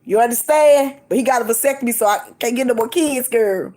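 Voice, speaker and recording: High-voiced woman preaching encouragement. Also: a little fast. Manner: lively and emphatic, laughs often, swoops up and down in pitch. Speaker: faith vlogger.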